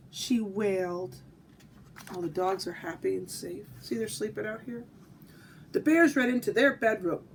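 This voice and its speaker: Animated woman reading a picture book. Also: medium pitch, normal speed, breathy edge. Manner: animated storytelling. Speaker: physical education teacher.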